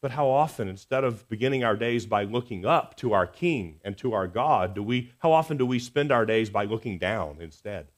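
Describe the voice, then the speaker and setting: Man, pastor, lowish voice, earnest sermon, expressive swings from loud to hushed, church. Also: normal speed, hardly any pauses. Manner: earnest, expressive preaching with emphatic rises and soft drops. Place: church sanctuary.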